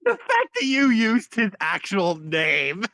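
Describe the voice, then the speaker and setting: A man's voice: high-pitched, wildly swooping pitch, takes it slowly, sharp tone. A man co-hosting a casual podcast, laid-back and easily amused. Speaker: podcast co-host.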